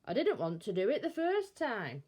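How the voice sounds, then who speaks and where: A woman reading a storybook aloud, voicing a rough-spoken but kindly grown male burglar who talks in slang and exclaims often. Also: fairly high pitch, wildly swooping pitch, moderate pace, a little mellow, full character voice. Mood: bemused.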